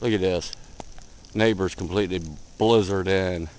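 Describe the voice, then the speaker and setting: Out in a blizzard of wind and snow, a man from Delaware, USA, films on a handheld camera, its mic picking up slight background noise in a rough recording. His voice sits low at a moderate pace as he gives excited, casual commentary, repeating himself and calling the viewer "man." He's cold, a bit out of breath, and his face is numb.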